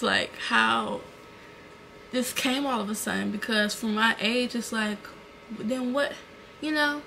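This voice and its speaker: A woman's voice: fairly high pitch, slow, creaky, long pauses. Young woman vlogging at home on a camera mic, emotional storytime, faint hiss in the background. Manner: emotional, animated retelling with fillers.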